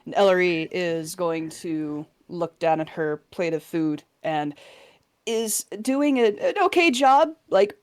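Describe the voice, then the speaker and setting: Brief: measured woman player narrating her character's actions, lowish voice. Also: animated, smooth. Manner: measured, descriptive, with fillers. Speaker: tabletop game player. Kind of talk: casual role-play chat.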